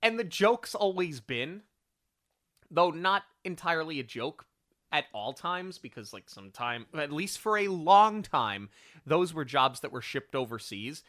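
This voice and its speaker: Lively bright co-host reviewing a film, incredulous, acts out scenes. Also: mid-range voice, a little slow. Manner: animated, incredulous, quotes scenes in put-on voices. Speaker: podcast co-host. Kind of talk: casual film review chat.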